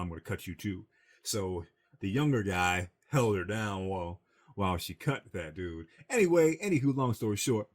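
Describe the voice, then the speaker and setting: A man with a very low voice talks casually on a gaming chat show. He rambles through a film's plot and dips into a growly register for the characters' quotes. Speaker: podcast co-host. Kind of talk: casual chat retelling a film.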